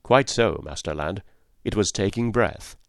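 A man voicing a polite, calm and deferential male servant in an audiobook story. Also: lowish voice, a little slow, dry recording, studio quality. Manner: courteous, mild, deferential.

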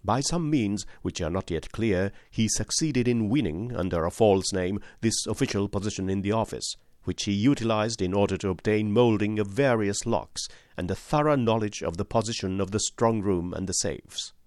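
A man reading a detective story aloud in measured, composed narration. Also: lowish voice, a little mellow, no echo, clean studio sound. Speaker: audiobook narrator.

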